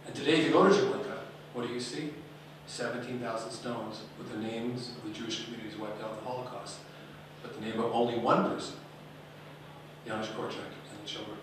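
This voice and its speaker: A man's voice: medium pitch, fairly quick, background noise. A man telling stories dramatically to an audience. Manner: dramatic, animated storytelling. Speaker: speaker. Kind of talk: storytelling talk. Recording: echoey hall, speaker far from mic.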